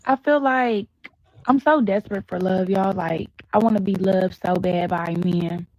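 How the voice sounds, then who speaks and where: A woman's voice: medium pitch, normal speed, a little mellow, highs cut off. A single mother talking earnestly about wanting love, in a confessional vlog.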